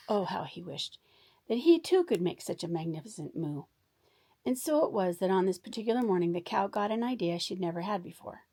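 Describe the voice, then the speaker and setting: Expressive woman reading a bedtime story. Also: medium pitch, gravelly, breathy edge. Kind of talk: children's story read-aloud.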